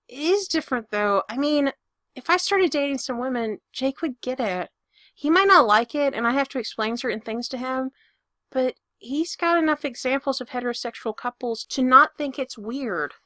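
A woman's voice: sits high, lively intonation, moderate pace, pushed and bright, no echo, studio quality. A woman voicing a weary young single father who talks anxiously and defensively. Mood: worried.

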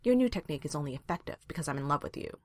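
Brief: woman playing a sardonic dwarf man, low and lively, dry delivery. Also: racing, dry recording. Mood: wistful. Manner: wry, teasing, muttering.

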